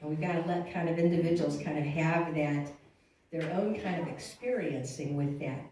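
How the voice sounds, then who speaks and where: Low-voiced woman speaking in an echoey church. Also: warm tone. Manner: reflective, halting, many restarts and sighs. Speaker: guest speaker. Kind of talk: church talk on grief. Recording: echoey room from far off, faint noise.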